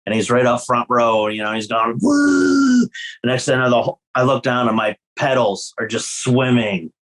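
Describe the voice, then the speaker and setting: A man guesting on a podcast, a guitarist telling lively tour stories with swearing and laughter. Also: mid-range voice, fairly quick, poor audio. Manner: animated storyteller, swears and laughs a lot. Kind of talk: casual podcast chat.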